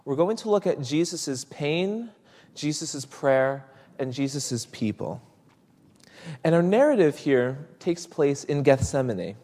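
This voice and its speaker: A preacher giving a sermon in a conversational, storytelling way, with small restarts. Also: male voice, fairly high pitch, animated, slow pace, dark tone, in a large hall.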